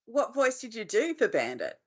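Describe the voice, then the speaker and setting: A woman's voice: fairly high pitch, very animated, moderate pace, highs cut off. A woman co-hosting a casual comedy chat, asking questions in a dry, teasing way. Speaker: co-host.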